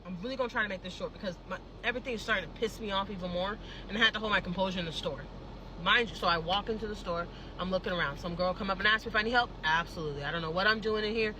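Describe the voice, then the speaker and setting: A woman's voice: mid-range voice, racing. A woman vlogger telling a story in a heated, blunt, profane rant, with faint street traffic behind her.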